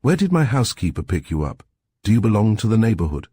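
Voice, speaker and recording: A man's voice: lowish voice, sing-song, fast, dark tone, breathy edge, dry recording, voice pushed up. A man reading the part of an irascible old general who snaps and barks his words. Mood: gruff. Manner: snappish, barking.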